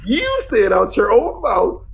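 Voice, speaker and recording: A man's voice: high voice, huge pitch swings, slow pace, gravelly. Teasing man on a lo-fi podcast. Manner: teasing, laughs often, jumps in to interrupt. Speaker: podcast co-host. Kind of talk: casual chat reacting to a TV episode. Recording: lo-fi podcast audio with faint noise.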